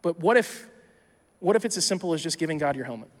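A tired male pastor preaching a sermon in a conversational, animated way, often acting out imagined dialogues. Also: fairly high pitch, quick pace, long reverb tail. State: tired from little sleep.

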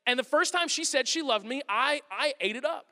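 A man in his thirties preaching a sermon as a pastor, animated and acting out quotes in different voices. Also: extremely high pitch, fairly quick. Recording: long reverb of a large hall.

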